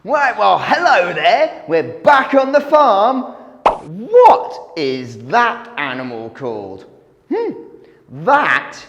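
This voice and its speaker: A man's voice: sits high, huge pitch swings, slow, fairly bright tone, long reverb tail. A man teaching English vocabulary to children, sounding out letters and animal noises.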